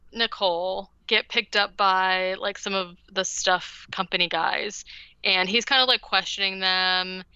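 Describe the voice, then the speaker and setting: A woman's voice: mid-range voice, pushed and bright, smooth, dry recording, highs cut off. A woman podcast host casually recapping a movie, rambling with lots of "like" and "um". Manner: rambling, heavy use of "like" and "um".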